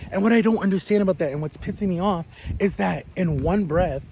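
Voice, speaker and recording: A man's voice: high-pitched, brisk, mellow, a little hiss or hum, rough recording. A man in his thirties telling a rambling, chatty story to camera, full of "like" and restarts. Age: 30s. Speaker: vlogger.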